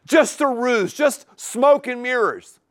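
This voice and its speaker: A man's voice: very high-pitched, expressive, slow pace, a bit bright, no echo. A man preaching a sermon, repeating key words for emphasis and asking the congregation rhetorical questions. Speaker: pastor.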